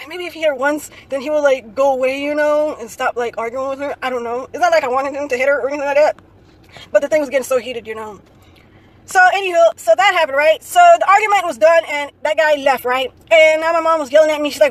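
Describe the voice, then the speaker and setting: High-voiced young woman telling a rambling story. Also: fast talker, no room sound, rough recording. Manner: rambling, ends phrases with "right?" tag questions; frequent "like, um" fillers. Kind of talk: casual storytelling vlog.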